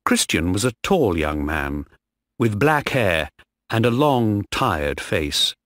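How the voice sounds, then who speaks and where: Very slow, lively male storyteller. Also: fairly low pitch, no echo, clean studio sound. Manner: very slow, clearly phrased, lively intonation. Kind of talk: slow scripted narration for English learners.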